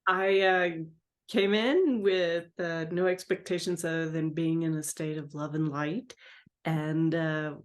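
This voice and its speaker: A woman's voice: low-pitched, fairly even intonation, unhurried. A woman in a meditation group describing her vision, telling it in a rambling way with many fillers. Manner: rambling, filler-heavy storytelling. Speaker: participant.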